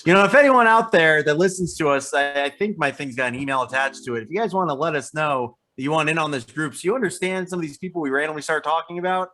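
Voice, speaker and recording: Bright, stammering man chatting casually. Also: on the high side, quick pace, few pauses. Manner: stammering restarts, laughs easily. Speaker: podcast co-host. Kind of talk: casual chat.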